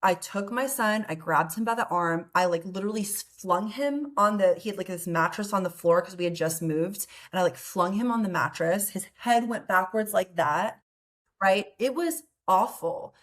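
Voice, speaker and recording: Woman psychologist guest, earnest casual interview talk, middle pitch. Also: normal speed. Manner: earnest, frequent "like" and "right?".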